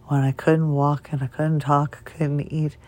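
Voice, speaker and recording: A woman's voice: low voice, little pitch movement, moderate pace, darkish tone. A woman hosting her own podcast from her bed, talking in a wandering, tangent-prone way and chuckling now and then, her voice weak and strained as she struggles to speak. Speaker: podcast host. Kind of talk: rambling solo podcast talk. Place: in bed at home.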